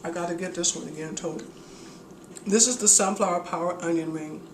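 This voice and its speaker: A woman's voice: fairly low pitch, fairly even intonation, brisk, a little hiss or hum. Enthusiastic woman in an echoey kitchen. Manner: enthusiastic, chatty, grateful. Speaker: cooking video host. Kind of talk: casual cooking demonstration. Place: home kitchen. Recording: echoey kitchen with dish clatter.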